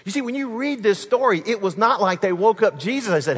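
A man's voice: sits high, animated, brisk, breathy edge, big-room sound. A man preaching a sermon to his congregation, speaking to them directly and with energy. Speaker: pastor.

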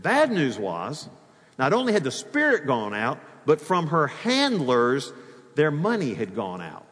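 A man delivers a sermon with a lively, swooping delivery, his voice sitting a little high for a man. He tells the story with humor and asides. A long reverb from a large hall trails behind each phrase. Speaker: pastor.

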